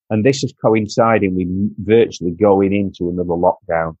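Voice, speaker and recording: Earnest husky Yorkshire man, low voice. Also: normal speed, darkish tone, dry recording, dull audio. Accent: Yorkshire English. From Doncaster, England. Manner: earnest, repeats himself, calls the host "mate". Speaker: podcast guest. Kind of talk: candid personal storytelling.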